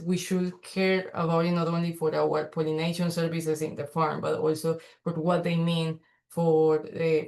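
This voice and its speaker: A woman presents her research in a virtual workshop. She speaks haltingly, full of fillers and restarts, over a video call microphone. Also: on the low side, darkish tone. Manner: hesitant, many fillers and restarts. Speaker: guest speaker, pollinator researcher.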